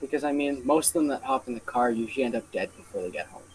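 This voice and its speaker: A man's voice: mid-range voice, quick pace, breathy edge, low-quality recording. A young man casually telling a story on a podcast, rambling and full of fillers. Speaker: podcast co-host.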